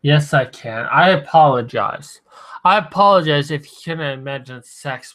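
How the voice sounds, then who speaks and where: A drunk man talking to his stream viewers with slurred, halting speech, sometimes very soft. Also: a little high. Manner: talks softly at times. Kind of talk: drunken livestream monologue.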